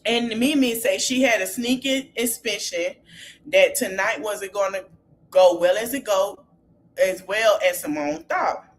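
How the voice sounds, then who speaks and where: A woman podcast host casually recapping reality TV scenes, animated and laughing often as she retells what the cast said. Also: medium pitch, unhurried, slight background noise.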